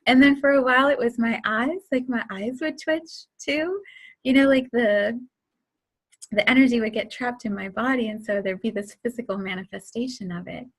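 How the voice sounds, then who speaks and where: A woman's voice: a little high, normal speed. A woman in her forties hosting a casual spiritual talk, chatty and laughing often as she tells stories. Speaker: host.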